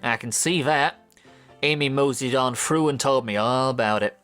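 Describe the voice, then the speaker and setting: A man voicing a gruff male echidna saloon keeper, attempting a Southern cowboy drawl for a video game character. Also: medium pitch, a little slow, bright, forceful tone, faint music behind. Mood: playful drawl.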